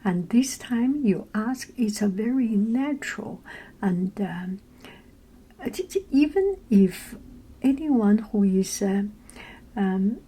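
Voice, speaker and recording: A woman, whispering a casual vlog story and pausing often with fillers while she searches for words. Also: medium pitch, lively intonation, breathy edge, poor audio. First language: Chinese. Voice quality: soft whisper. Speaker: vlogger.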